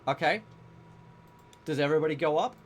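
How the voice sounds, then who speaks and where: A man's voice: on the high side, brisk, a little hiss or hum. Casual man running a tabletop game. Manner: casual, swearing, dramatic scene-setting. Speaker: game master. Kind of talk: narrating a tabletop game show.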